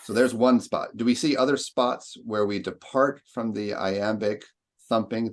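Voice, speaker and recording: Guy running a poetry class, low voice, thinks out loud, hams up the beat when he reads lines. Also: normal speed. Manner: thoughtful, recites lines with exaggerated stress. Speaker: lecturer. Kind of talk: seminar discussion.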